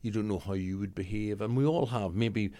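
Gravelly low-voiced Northern Irish man. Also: brisk. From Northern Ireland. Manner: lively raconteur, blunt, swears freely. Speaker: guest, broadcaster. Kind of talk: anecdotal storytelling in conversation.

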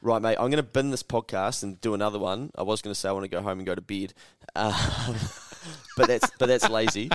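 A man co-hosting a casual podcast, swearing freely and mimicking people in loud, high voices. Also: fairly quick, few pauses, no echo. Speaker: podcast co-host.

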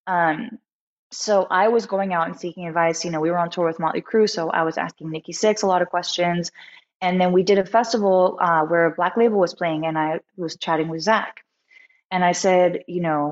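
A woman guest musician telling a personal story in a candid interview, animated and full of fillers. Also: fairly low pitch, a little fast, highs cut off.

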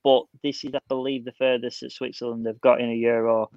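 Excitable man, dry and dull. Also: medium pitch, no echo. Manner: excitable storyteller, quick restarts. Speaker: podcast co-host. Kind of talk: casual football chat.

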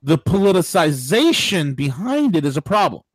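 A man hosting a political talk radio show, ranting in an animated way, with mock voices and laughter. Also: on the high side, moderate pace, dry recording.

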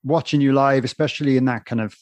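A man with a middle-pitched voice hosts a casual interview. He rambles eagerly and says man often. The sound is dry and close. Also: steady tone, fast talker, dry recording.

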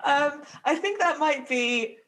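A jokey woman co-hosts a casual podcast, swearing freely and slipping into mock-formal phrasing. Her voice sits fairly high. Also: expressive, takes it slowly, fairly bright tone. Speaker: podcast co-host. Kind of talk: casual chat.

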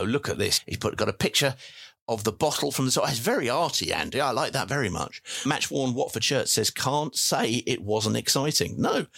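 A man's voice: mid-range voice, gravelly, fairly bright tone, no room sound, clean studio sound. A man with an English accent hosting a podcast, reading out listener messages in a jokey, chatty way. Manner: jokey, chatty, wordplay asides. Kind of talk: casual chat.

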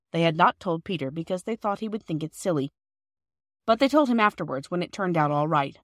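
Female audiobook narrator, clear steady storytelling, very dry close mic. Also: on the low side, dry recording. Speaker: audiobook reader.

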